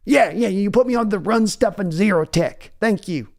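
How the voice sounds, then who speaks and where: A man's voice: high voice, moderate pace, creaky, pitched above the performer's own voice. A man putting on the voice of a brash, cocky older Texan team owner who scolds his son. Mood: scolding, mocking. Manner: blustering, scolding, drawling.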